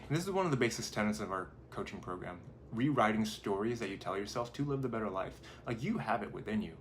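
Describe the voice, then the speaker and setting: Male life coach, lower register, conversational and meandering, light noise under the voice. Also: expressive, fast talker, few pauses. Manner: conversational, rambling, acts out inner thoughts in quotes. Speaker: life coach and channel host. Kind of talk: casual motivational talk to camera.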